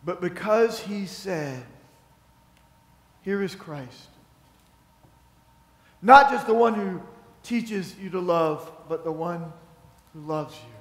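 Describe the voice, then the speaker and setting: A man's voice: high voice, unhurried. A man preaching a sermon as pastor, retelling a story and acting out its quotes. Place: church sanctuary. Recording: echoey church hall.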